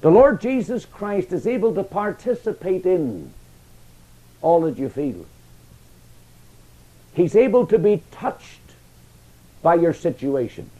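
A man preaching a sermon, passionate, with emphatic rises and hushed, quiet drops. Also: sits high, big pitch swings, takes it slowly, pauses often, rough recording.

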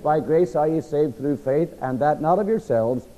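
A middle-aged preacher leads a Bible class in a mellow, fairly high voice, though a frog sits in his throat. He leaves gaps for the congregation to complete his words, all captured lo-fi with a long reverberant hall tail.

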